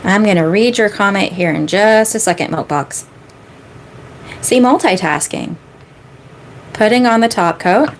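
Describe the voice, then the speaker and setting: There's slight background noise as a chatty woman hosts a casual live-stream Q&A as a manifestation coach. Her medium-pitched voice moves a little slowly with frequent pauses, and she rambles with many fillers, emphatically repeating key phrases.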